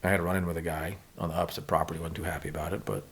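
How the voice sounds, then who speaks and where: Guy rattling off stories fast, low raspy voice, does little voices for people. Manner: animated, acts out quotes of others. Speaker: podcast guest. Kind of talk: casual storytelling.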